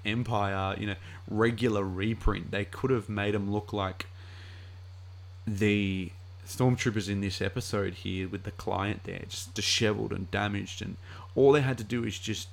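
Chatty streamer dude rambling along, low gravelly voice, lots of ums. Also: male voice. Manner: rambling, chatty, many fillers. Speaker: live streamer. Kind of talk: casual live-stream commentary.

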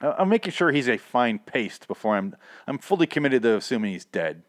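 A man's voice: medium pitch, sing-song, fairly quick, no echo, studio quality. A man casually recapping a TV episode, rambling and profane, laughing at his own asides.

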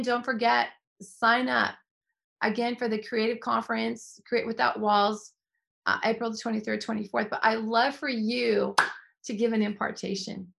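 A woman's voice: fairly high pitch, vocal fry, fairly bright tone. A woman hosting a faith-based podcast, speaking earnestly and effusively with frequent restarts. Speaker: host.

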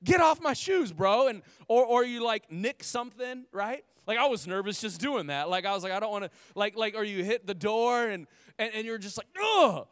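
A man in his thirties preaching with a high, bright-pitched voice. He talks to the congregation like friends, full of restarts and quick asides. The sound is dry and close to the mic. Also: clear, resonant tone, no echo. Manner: energetic, conversational, frequent restarts and "like". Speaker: pastor. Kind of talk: sermon.

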